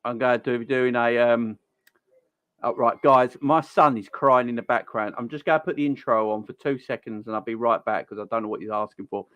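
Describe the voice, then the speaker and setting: A man's voice: mid-range voice, steady tone, a little fast, clear, resonant tone, no echo, highs cut off. A man in his thirties with a Cockney accent, hosting a casual football live stream from home, chatting and greeting viewers by name. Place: home, children in next room.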